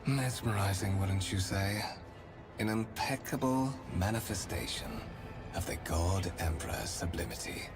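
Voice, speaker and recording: An actor voicing a refined, formal male imperial spymaster in a game, speaking in a measured, courtly way with clear music behind. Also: low voice. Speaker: game character.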